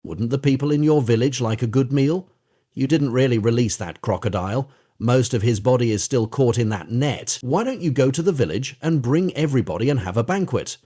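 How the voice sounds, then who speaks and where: A man voicing a clever, scheming male rabbit in a spoken parable, sly and brisk. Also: medium pitch, animated, warm tone, husky.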